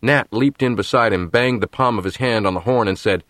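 A man narrating an audiobook in a measured, steady storytelling manner. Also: on the low side, no room sound, clean studio sound. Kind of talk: scripted narration.

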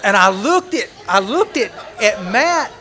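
A man's voice: high voice, unhurried, some chatter behind. A man, speaking at a recovery conference and animatedly acting out a story for the audience, with many restarts. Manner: animated, acts out scenes, frequent restarts. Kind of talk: storytelling talk to a large audience.

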